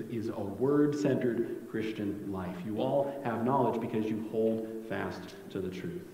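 A man's voice: mid-range voice, darkish tone, roomy sound, in a large hall, slight background noise, rough recording. A male pastor preaching an expository sermon in a conversational way, often checking in with "right?".

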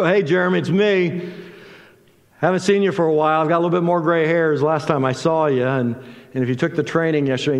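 Older male guest preacher, animated storyteller, church hall echo. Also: a little high. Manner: animated, acts out dialogue with rising intensity. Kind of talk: sermon with storytelling. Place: church sanctuary. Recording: long hall reverb from a church.

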